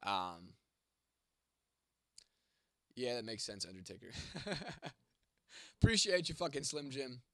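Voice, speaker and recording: A young man with a cold, congested and voice fading, hosts a livestream and replies to chat slowly, very animated, with long pauses. His medium-pitched voice carries no room sound, and his casual talk is blunt, teasing and packed with swearing.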